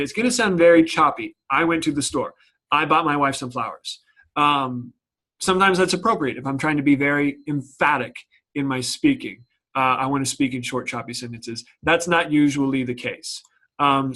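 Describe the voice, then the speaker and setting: A man's voice: fairly high pitch, fairly bright tone. A young adult man teaching a grammar lesson, explaining step by step with frequent restarts and ums.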